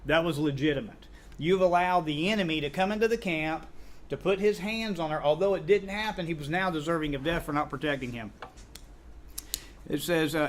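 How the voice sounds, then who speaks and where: Man, middle-aged, high-pitched, animated Bible class teacher who voices scripture scenes and quizzes his students. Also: fairly quick, a little hiss or hum. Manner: animated, acts out biblical dialogue and quizzes the class. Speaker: Sunday School teacher and church elder.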